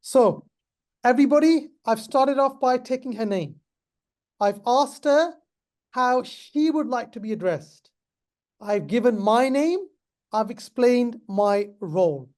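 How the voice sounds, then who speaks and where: This middle-aged man has a very high, animated voice with a darkish tone, and he talks slowly. He's running an online webinar for pharmacists, chatting to the class directly and repeating himself a lot.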